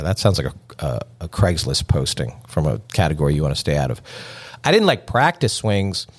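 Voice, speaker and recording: A man hosting a podcast, talking alone in a joking, conversational way and chuckling at his own lines. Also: on the low side. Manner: joking, conversational, self-amused. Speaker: podcast host. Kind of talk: solo podcast monologue.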